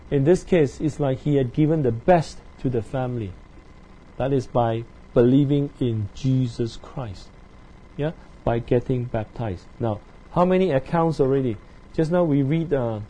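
A man teaching a Bible study, reading verses aloud and explaining them in a halting way, with many fillers and tag questions. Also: medium pitch, warm tone, husky. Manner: reads scripture aloud then explains.

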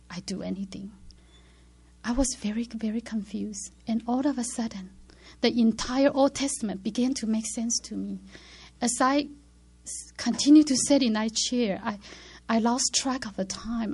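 Slow, breathy woman giving earnest testimony. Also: on the high side. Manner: earnest, drops into hushed whispers when reliving moments; acts out her inner dialogue. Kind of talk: personal spiritual testimony.

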